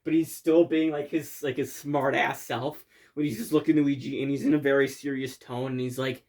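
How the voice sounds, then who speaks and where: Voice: mid-range voice, level tone, a little fast, few pauses, a little mellow. A creator giving casual commentary over their own comedy video, rambling, swearing casually and laughing often.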